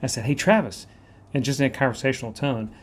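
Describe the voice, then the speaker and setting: A man's voice: mid-range voice, quick pace, husky. A man with a Southern American accent hosting a casual chat, telling stories with an easy laugh. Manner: chatty storyteller, laughs easily. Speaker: host. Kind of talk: casual conversation.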